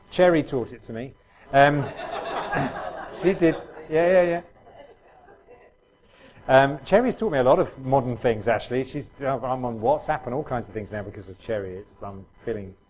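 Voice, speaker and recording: Halting, chatty male preacher. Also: medium pitch, darkish tone, rough recording. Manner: conversational, halting with many restarts and fillers. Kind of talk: sermon.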